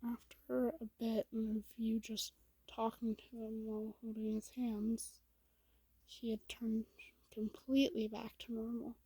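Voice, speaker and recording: Soft-whispering woman, whispered role-play. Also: fairly high pitch, completely flat delivery, breathy edge, no room sound, low-quality recording. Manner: soft, hushed and slow, with small slips. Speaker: storyteller.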